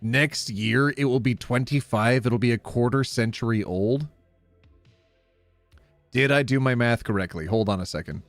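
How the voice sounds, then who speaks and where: A man's voice: medium pitch, moderate pace, no room sound, soft background music. A man chatting casually on a livestream, joking and laughing often. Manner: giggly, joking and animated, with playful put-on voices. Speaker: streamer.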